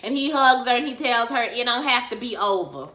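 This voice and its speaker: Woman vlogger, high bright voice, sassy and profane, echoey room. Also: brisk. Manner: animated, sassy, profane, acts out characters in big high voices. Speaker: TV recap vlogger. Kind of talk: casual TV recap vlog.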